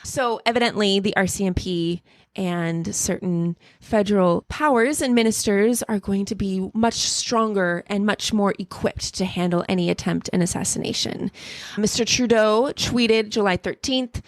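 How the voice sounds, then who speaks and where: A woman's voice: mid-range voice, normal speed, dry recording. Give me a chatty woman co-host reading quotes on a close, dry mic. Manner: chatty, laughs at herself, reads quotes. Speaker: podcast co-host. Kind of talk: casual political commentary.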